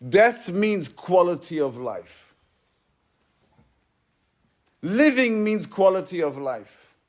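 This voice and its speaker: A man with a somewhat high voice gives a Torah class as a rabbi. He retells an old story emphatically, his loudness swinging from hushed to forceful. He weaves Hebrew and Yiddish terms through his English. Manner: emphatic, swings between loud and soft. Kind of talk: sermon.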